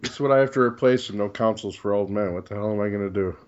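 A man's voice: on the low side, racing, a little mellow. A man in casual podcast chat, blunt and swearing freely. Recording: slightly muffled lo-fi audio.

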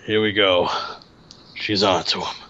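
A man's voice: low voice, steady tone, a little slow, bright, forceful tone. A man co-hosting a casual film commentary, enthusiastic and wisecracking. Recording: dull lo-fi audio with faint hiss.

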